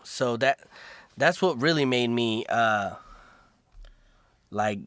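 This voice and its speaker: A man's voice: mid-range voice, lively intonation, slow, fairly bright tone, clear, resonant tone, no echo. A man co-hosting a casual podcast, laying out his reasoning step by step. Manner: thoughtful, explaining reasons step by step. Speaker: podcast co-host. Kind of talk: casual chat.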